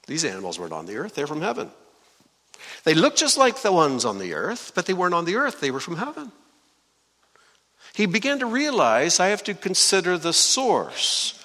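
Lively preacher in a reverberant hall. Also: male voice, on the high side. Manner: lively, asks the congregation questions. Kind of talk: sermon, teaching scripture.

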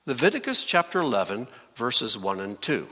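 A man preaching in a large hall with a long ringing reverb, his voice bright and forceful. His pitch swings widely as he teaches scripture and puts questions to the congregation. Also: normal speed. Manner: lively, asks the congregation questions.

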